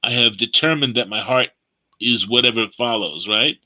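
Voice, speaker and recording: A man leads a scripture study session with a very bright, ringing tone. He unpacks word meanings patiently, circling back over phrases as he goes. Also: mid-range voice, low-quality recording. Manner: explains word meanings slowly, repeating phrases. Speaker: Bible study leader.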